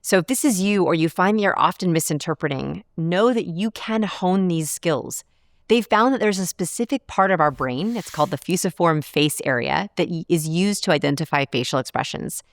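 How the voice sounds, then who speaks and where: Woman behavioral researcher, lowish voice, dry close studio sound, measured explainer. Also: animated, dry recording. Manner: clear, measured explainer who slows down to stress key points. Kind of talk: instructional talk to camera.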